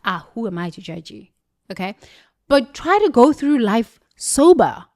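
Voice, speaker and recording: Woman, British accent, spiritual motivational monologue, emphatic, preachy, swinging pitch and volume. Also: very animated, a little slow, darkish tone. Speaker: motivational speaker.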